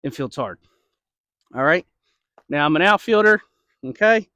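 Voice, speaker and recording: Baseball coach demoing drills: a high-voiced man, slightly winded, checking in with "okay?" and "right?", in a dry, close recording. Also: expressive, a little slow, long pauses, bright, forceful tone, dry recording. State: slightly out of breath. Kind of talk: instructional demo.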